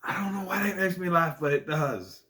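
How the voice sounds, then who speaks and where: Alone and at a moderate pace, a man gives a casual review of a comedy movie. He's animated, laughs at the jokes and jumps into high voices to mimic the lines.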